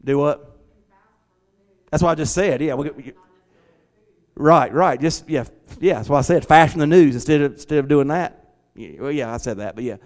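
A middle-aged man, preaching a lively, conversational sermon from a church hall. He repeats his words and talks back to the congregation. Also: a little high, normal speed, pauses often. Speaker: pastor. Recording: long church hall reverb.

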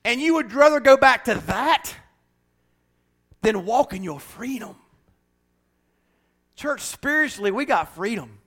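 A man preaching with passion in a high, bright voice. He swings from hushed scripture reading up to ringing shouts. Laughing asides keep it loose and lively. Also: unhurried, long pauses. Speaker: pastor. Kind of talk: sermon.

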